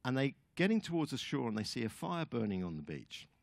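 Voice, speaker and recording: Animated man telling a sermon story. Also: medium pitch, brisk, gravelly, no echo. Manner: animated storytelling, chatty asides to the audience. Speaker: guest speaker.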